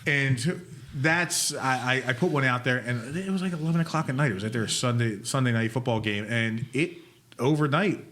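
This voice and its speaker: A man, chatting as a podcast guest and telling animated stories. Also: medium pitch, normal speed. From Northeast Philadelphia. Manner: animated storyteller who jumps into loud character voices. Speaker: guest, food influencer. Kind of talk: casual podcast chat.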